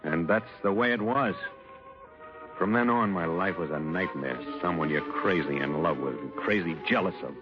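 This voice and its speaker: An actor playing a jealous young husband who narrates his story in an old radio drama. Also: low-pitched. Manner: brooding, tense confessional narration. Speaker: narrator and lead. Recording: muffled old radio recording with music.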